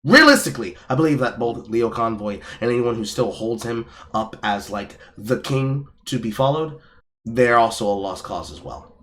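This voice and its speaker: A man hosts a podcast in a forceful, lecturing tone and swears freely as he argues. His voice sits at an ordinary male pitch. He sounds like a casual streamer talking straight into his mic. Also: animated, moderate pace, a little hiss or hum. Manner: emphatic, lecturing, profane. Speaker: podcast host.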